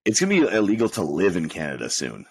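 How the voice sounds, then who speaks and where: A man with a fairly low voice chats casually, with a wry, sarcastic bent to his jokes. The sound is dry and close to the mic. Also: huge pitch swings, fast talker, gravelly, a little mellow, breathy edge, no echo, rough recording. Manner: wry, sarcastic, drily joking. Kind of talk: casual chat.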